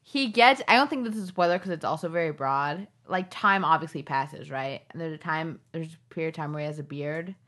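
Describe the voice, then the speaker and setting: A young woman co-hosting a podcast in casual chat, animated and joking, often trailing off mid-sentence. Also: deep voice, fairly quick, hardly any pauses. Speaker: podcast co-host.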